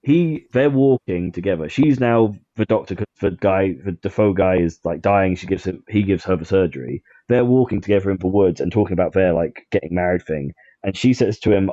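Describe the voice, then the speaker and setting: A man's voice: low voice, brisk, warm tone, no room sound, highs cut off. A man chatting casually on a podcast, rambling with lots of fillers and restarts. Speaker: podcast guest.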